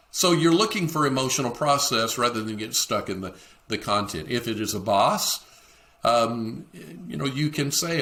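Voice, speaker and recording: Bright-voiced man hosting a leadership podcast. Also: mid-range voice, animated, moderate pace. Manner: acts out quoted dialogue in shifting voices. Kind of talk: solo podcast teaching talk.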